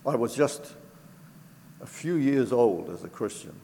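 A man's voice: medium pitch, animated, gravelly, mellow. Older man telling a heartfelt testimony in a reverberant hall. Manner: earnest, heartfelt storytelling with pauses and restarts. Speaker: speaker giving testimony. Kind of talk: personal faith testimony to an audience. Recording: reverberant hall with faint background noise.

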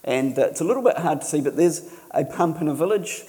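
A middle-aged man from New Zealand giving a sermon in a relaxed, storytelling way, with touches of self-deprecating humour. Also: fairly high pitch, fairly quick. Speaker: missionary preacher. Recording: long church reverb.

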